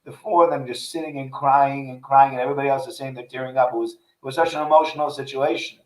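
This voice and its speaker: A man's voice: medium pitch, steady tone, fast talker. A man in casual conversation, telling a heartfelt personal story in an earnest way, with many restarts. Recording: echoey room.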